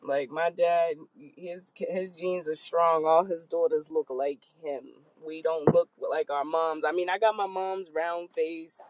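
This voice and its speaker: A woman hosting a podcast, chatting casually and bluntly, telling lively stories and laughing often while out on a walk. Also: low voice, measured pace, few pauses. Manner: blunt, animated storyteller who laughs often. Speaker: podcast host. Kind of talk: casual chat. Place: outdoors on a walk. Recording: muffled lo-fi sound.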